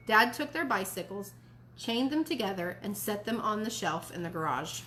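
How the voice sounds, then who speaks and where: A woman reading a children's novel aloud for a library storytime, clear and expressive. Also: medium pitch, moderate pace, a little hiss or hum.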